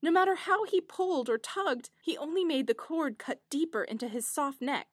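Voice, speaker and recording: Brief: woman storyteller, high and very animated, dry close sound. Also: normal speed, no room sound. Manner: expressive, lively storytelling. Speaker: narrator. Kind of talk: storybook narration.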